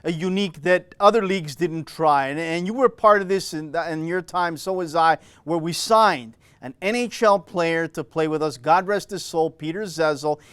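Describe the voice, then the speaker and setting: A man's voice: on the high side, moderate pace, hardly any pauses, fairly bright tone, clean tone, no echo. A man from Canada hosting a talk show, speaking with passionate, emphatic opinions. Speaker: host. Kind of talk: casual conversation.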